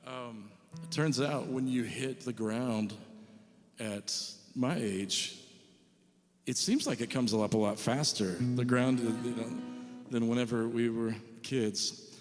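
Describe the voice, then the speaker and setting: A man in his late forties, storytelling between songs at a church concert. His pitch sits mid-range, and he talks in a loose, jokey way with asides to the crowd. The sound carries a long hall reverb. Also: slow pace, soft background music. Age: 40s. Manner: chatty, self-mocking, jokey asides to the crowd. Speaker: visiting musician. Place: church hall with live audience.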